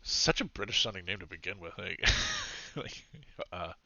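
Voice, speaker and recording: A man's voice: low voice, animated, moderate pace, gravelly, bright, forceful tone, dry recording, dull audio. A man narrating as game master in a rambling, self-deprecating way, laughing often.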